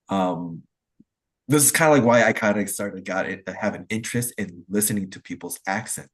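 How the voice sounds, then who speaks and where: Husky-voiced man explaining at length. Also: fairly low pitch. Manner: rambling, explanatory, heavy use of "like" and "um". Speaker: discussion participant. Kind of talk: casual online group discussion.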